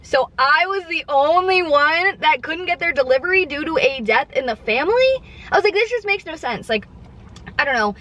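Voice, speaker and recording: A woman vlogger chatting from her car, retelling a frustrating customer service story in an exasperated, animated way with quoted dialogue. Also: sits high, moderate pace. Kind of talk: casual storytime chat. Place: parked car. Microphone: camera mounted in car.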